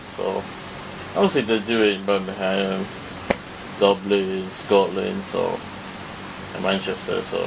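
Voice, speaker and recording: A man's voice: fairly low pitch, gravelly, noisy background. A man rambling through a casual vlog, full of fillers and restarts, swearing when annoyed. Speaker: vlogger.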